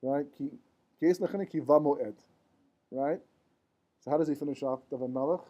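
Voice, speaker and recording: With a fairly high, warm voice and a slightly fast delivery, a man lectures informally to a live Torah class; the recording's highs are cut off. He's conversational, drops Hebrew terms into English, and often uses rhetorical questions and "right?" to check in.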